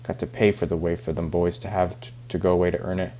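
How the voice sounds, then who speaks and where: A man reading aloud as a self-pitying older backwoods farmer, halting over the rural dialect. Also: low voice, flat delivery, mellow, slight background noise, close to an everyday voice.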